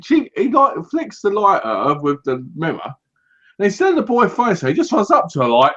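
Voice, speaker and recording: A man co-hosts a casual movie review, retelling scenes with lively energy and plenty of laughter. His voice sits a little high. The recording sounds dull and lo-fi. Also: a little fast. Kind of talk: casual chat.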